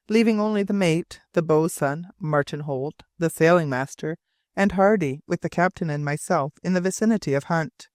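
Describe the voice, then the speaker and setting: A man narrating an audiobook in a measured, formal storytelling way. His voice sits a little high for a man. The recording is dry and close, with no room sound. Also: no echo. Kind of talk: scripted narration.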